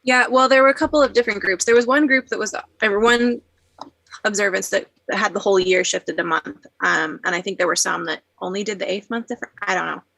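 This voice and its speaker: Hesitant woman with a crisp, gravelly voice. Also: medium pitch, quick pace, fairly bright tone, no room sound. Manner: hesitant, tentative answering. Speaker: study group participant.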